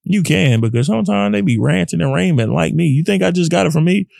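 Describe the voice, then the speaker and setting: A man's voice: on the high side, lively intonation, quick pace, creaky, a little mellow, no echo, clean studio sound. A young man hosting a casual solo podcast, talking in an earnest, rambling way. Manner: rambling, earnest, often acts out his own inner voice. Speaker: podcast host.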